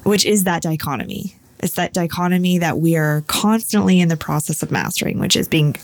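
A woman's voice: lowish voice, brisk. A woman hosting a casual chat, earnestly sharing quotes and reflecting on them. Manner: earnest, emphatic, reads quotes and riffs on them.

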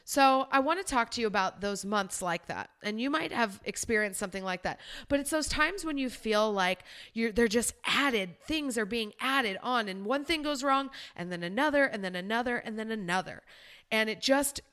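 Woman, podcast host, life coach, smooth clear voice, candid emotional storytelling, casual conversational tone. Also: on the high side, lively intonation, normal speed, fairly bright tone.

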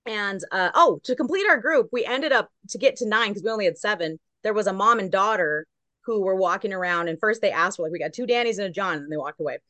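A woman's voice: mid-range voice, expressive, fast talker, pushed and bright, dry recording. A woman from Long Beach, California, a guest correspondent who tells a story in casual chat and acts out each quote.

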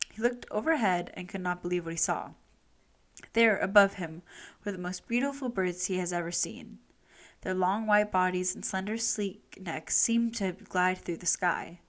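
A woman reading a children's story aloud, expressive and unhurried. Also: on the low side.

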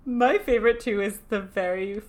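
A woman hosts a podcast in relaxed, casual chat. She talks animatedly and keeps circling back with "like" as she thinks aloud. Her voice sits at an ordinary middle pitch. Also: moderate pace. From New York. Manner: chatty, animated, full of "like" asides. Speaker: podcast host.

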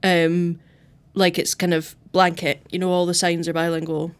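Mild Fife-accented woman, lower voice. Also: flat delivery, normal speed. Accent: Fife Scottish, mild. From Scotland, Fife. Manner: thoughtful, explains at length, laughs easily. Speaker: podcast co-host. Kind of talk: casual chat.

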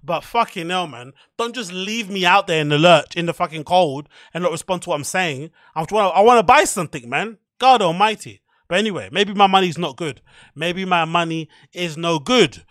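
A man's voice: sits high, lively intonation, normal speed, fairly bright tone, dry recording. A man in his thirties hosting a podcast, ranting in a heated, profane, rambling way. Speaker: podcast host. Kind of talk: solo rant podcast.

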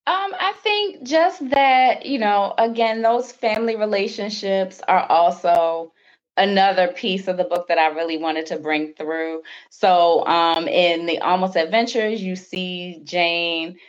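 A woman's voice: lowish voice, measured pace. A woman author answering interview questions about her children's book in an earnest, thoughtful way. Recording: dull lo-fi line.

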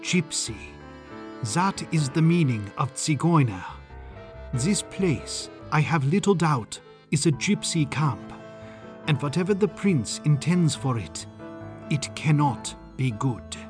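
A man voicing Rudolph, a cultured European baron who speaks in formal, measured sentences, over faint music. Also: fairly high pitch, very animated. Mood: grave.

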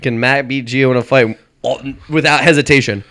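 A man's voice: medium pitch, steady tone, fairly bright tone. A young man talking bluntly and swearing in casual chat with friends. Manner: fast, blunt, cursing.

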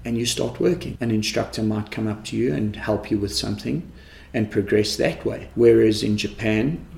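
A man, a karate instructor in a podcast interview, telling animated stories that he acts out. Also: on the low side, normal speed, gravelly, a little hiss or hum. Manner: animated storyteller who acts out quotes and laughs often. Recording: echoey room.

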